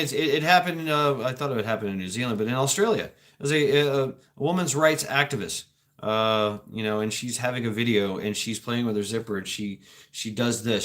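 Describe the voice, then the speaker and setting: A man hosting a livestream, talking casually and reacting to chat in a halting, rambling way, with frequent laughs and swearing. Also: mid-range voice, sharp tone. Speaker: livestream host reading chat.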